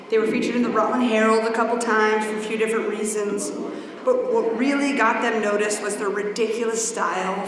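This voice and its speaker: A woman's voice: mid-range voice, a bit bright. A woman acting as master of ceremonies at a birthday roast, reading a teasing prepared introduction. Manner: teasing scripted delivery. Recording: echoey hall recording.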